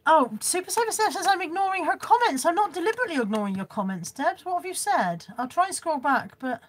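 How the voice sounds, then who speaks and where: A woman's voice: extremely high pitch, lively intonation, quick pace. A woman chatting casually on a live stream as she shows off a car boot haul and reads out viewers' comments, laughing often.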